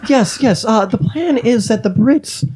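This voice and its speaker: Guy doing a sugary high-voiced conspiracy lady caller, swoops all over, comedy bit. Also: animated, unhurried, mellow, breathy edge, exaggerated voice. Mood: sweet, earnest. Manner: sugary, over-polite falsetto. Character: chirpy conspiracy-minded woman caller.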